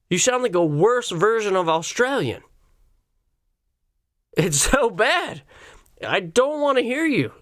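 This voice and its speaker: Slow, profane male podcast ranter. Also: high voice, sing-song, a bit bright, dry recording, studio quality. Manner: profane, sarcastic, ranting. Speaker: podcast host. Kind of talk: solo comedy podcast rant.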